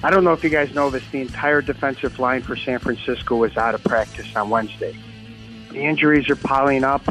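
A man giving sports betting picks on the radio, brisk and confident. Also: medium pitch, a bit bright, faint music behind, low-quality recording. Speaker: guest picker. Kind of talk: casual sports chat.

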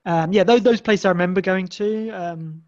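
An English man with a fairly high voice talks loosely, circling back and restarting his sentences often. The sound is dull and lo-fi, like a modest home setup. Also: normal speed, darkish tone. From England. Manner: rambling, many restarts and fillers. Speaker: guest. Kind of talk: casual podcast conversation.

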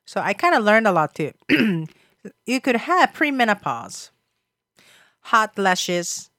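Woman, 30s, podcast co-host, casual chat, lively pitch, bright tone, dry sound. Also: takes it slowly, no echo. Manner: animated, blunt, laughs often.

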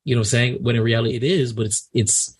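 A man co-hosting a casual chat, talking in an animated, indignant way with many restarts. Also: mid-range voice, fast. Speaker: podcast co-host.

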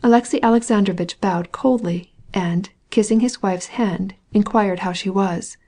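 A woman narrating a classic novel with a measured, steady reading. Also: medium pitch. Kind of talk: scripted audiobook narration.

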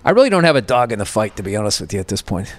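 A man's voice: on the low side, big pitch swings, rapid-fire, no room sound. A man in his fifties hosting a podcast, telling a rambling, profane comedic story with lots of restarts. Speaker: podcast host.

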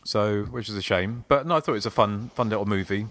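A man's voice: fairly low pitch, fast, a bit bright, no room sound. A man hosting a podcast, chatting casually and reading listener emails aloud. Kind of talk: casual chat.

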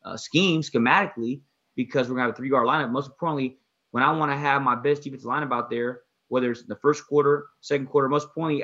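A man co-hosting a casual basketball podcast, talking fast and emphatically and leaning on "most importantly". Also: mid-range voice, sharp tone, muffled recording. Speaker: podcast co-host, basketball analyst. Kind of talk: casual sports talk.

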